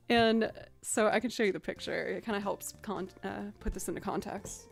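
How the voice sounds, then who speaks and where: A woman's voice: mid-range voice, normal speed, creaky, few pauses, faint music behind. A woman streamer chatting casually on a livestream, telling stories with frequent laughs. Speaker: streamer and musician. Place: home streaming setup.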